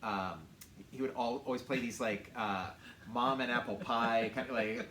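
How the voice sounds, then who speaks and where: A man's voice: mid-range voice, fairly even intonation, normal speed, a loud crowd. A middle-aged man co-hosting a podcast, chatting casually in a rambling way with many fillers and restarts. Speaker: podcast co-host. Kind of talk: casual chat. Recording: roomy with faint noise.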